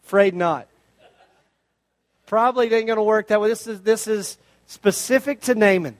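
Pastor, male, very high voice, lively storyteller, rhetorical questions. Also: normal speed. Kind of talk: sermon.

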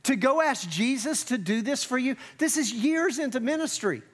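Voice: sits high, expressive, normal speed. A pastor preaching a sermon in a conversational, emphatic way, acting out quoted lines.

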